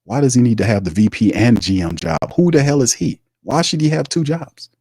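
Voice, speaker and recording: A man's voice: medium pitch, animated, brisk, dark tone, slightly rough, dry recording, rough recording. A man hosting a sports livestream, ranting emphatically, repeating himself and reading viewer comments aloud. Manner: emphatic, repetitive, reads chat aloud. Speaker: sports show host.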